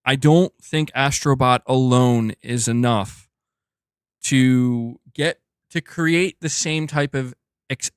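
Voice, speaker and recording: A male gaming livestream host chats casually and excitably as he reads out viewer messages. His voice is mid-pitched and sounds dry and close. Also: clear, resonant tone, no room sound. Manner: excitable and chatty, often says "dude".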